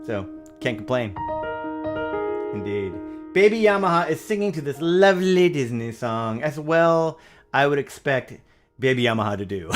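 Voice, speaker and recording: Chatty man hosting over piano. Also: a little high. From United States. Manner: upbeat, chatty, laughs often. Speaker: livestream host and pianist. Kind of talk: casual livestream chat. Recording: piano music under the voice. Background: piano music.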